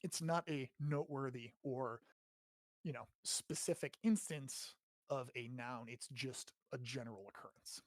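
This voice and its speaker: A man's voice: mid-range voice, a little slow, no echo, studio quality. An American man hosting a casual grammar lesson, explaining in a chatty way, often checking with "right?" and swearing now and then. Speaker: host teaching grammar.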